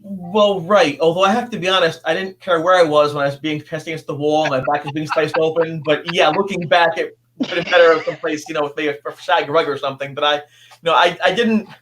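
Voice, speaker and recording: Guy in his 50s with a high voice, earnest and halting, keeps restarting sentences as he tells his story. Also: fairly even intonation, noisy background. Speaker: guest. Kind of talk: emotional personal storytelling.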